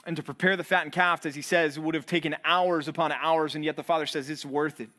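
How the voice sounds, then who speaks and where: A high-pitched man delivers a fervent sermon as a pastor. He swells with intensity, then drops low and quiet for emphasis, repeating phrases as he presses his point. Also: steady tone, fast. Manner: earnest preaching, voice swelling and dropping low for emphasis; repeats and restarts words while building intensity.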